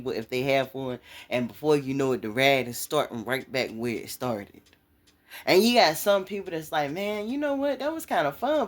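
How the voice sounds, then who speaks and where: A woman speaks to her listeners about faith in a relaxed, preaching manner. Her pitch moves up and down a great deal, and she keeps coming back to the same phrases to drive her point home. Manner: conversational, preachy, repeats phrases for emphasis. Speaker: inspirational speaker. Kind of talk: motivational faith talk.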